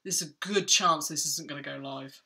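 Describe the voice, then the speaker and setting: Woman, middle-aged, book vlogger. Chatty and rambling, slightly low voice with a very bright tone. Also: normal speed. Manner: rambling, self-interrupting, chatty.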